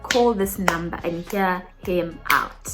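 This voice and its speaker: Woman doing earnest young messenger, low, quiet, pressing. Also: slow, over music. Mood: urgent. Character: earnest young man delivering an urgent message.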